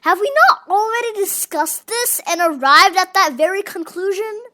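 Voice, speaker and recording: An earnest young fish-folk prince from a fantasy game, put on by a fan doing every role. He speaks politely and reasons with his elders, and the voice is very high and bright. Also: normal speed. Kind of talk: voicing game dialogue.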